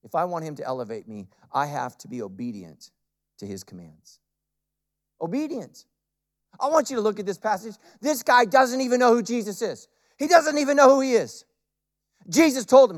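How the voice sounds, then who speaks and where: A male pastor preaching a sermon, animated and humorous, swinging from loud bursts to quiet, intense asides. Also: very high voice, brisk.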